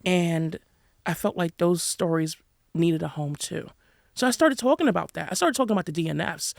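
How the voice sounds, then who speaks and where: A woman's voice: lowish voice, moderate pace, creaky, no room sound, studio quality. A New woman, telling her running story candidly as a podcast guest, laughing often. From New York City. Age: 30s. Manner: animated, frank, laughs often. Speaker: podcast guest, endurance runner.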